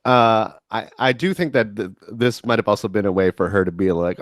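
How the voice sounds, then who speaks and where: A man's voice: lowish voice, brisk, hardly any pauses, dry recording, studio quality. A young man bantering sardonically on a comedy podcast, swearing freely. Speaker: podcast guest.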